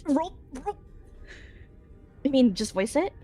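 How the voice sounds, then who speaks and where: A woman's voice: high voice, sing-song, measured pace, dark tone, faint music behind. A young woman chatting casually on a call while gaming with a friend, teasing and laughing. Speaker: co-player on call. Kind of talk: casual chat.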